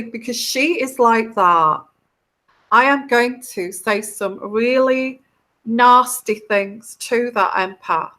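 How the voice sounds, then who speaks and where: Running a live stream as a tarot reader, this woman has a sharp tone and a slightly high voice. Her talk to viewers is heartfelt and meandering, full of restarted sentences and quoted lines delivered in put-on voices.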